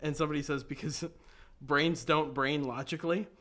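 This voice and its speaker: A man's voice: on the high side, steady tone, moderate pace, a bit bright. A man in a casual podcast chat, reading funny quotes aloud and laughing along. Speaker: podcast participant.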